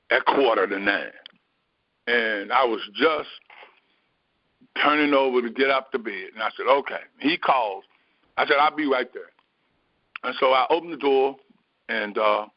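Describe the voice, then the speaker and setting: A man preaching by telling a personal story in a folksy, animated way, with many fillers. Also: mid-range voice, no room sound. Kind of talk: storytelling sermon. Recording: dull, dry lo-fi recording.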